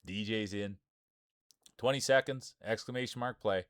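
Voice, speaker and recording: A man's voice: lowish voice, moderate pace, fairly bright tone, no room sound, studio quality. A man hosting a live stream, calling marble races with playful jokes and hype. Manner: playful, joking, hype-building. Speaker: streamer and race commentator.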